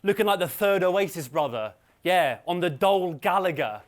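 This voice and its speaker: A man with a notably high voice hurls punchy, taunting insults in a rap battle. His delivery is built on quick jabs aimed at his opponent. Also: expressive. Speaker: battle rapper. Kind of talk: aggressive rap battle verses. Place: live rap battle event.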